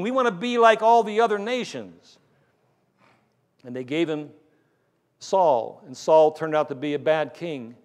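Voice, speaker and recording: A man with a high, light voice preaches a sermon from the pulpit. He tells a Bible story in a storytelling way and acts out the lines of the figures in it. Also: a little mellow, big-room sound. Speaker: pastor.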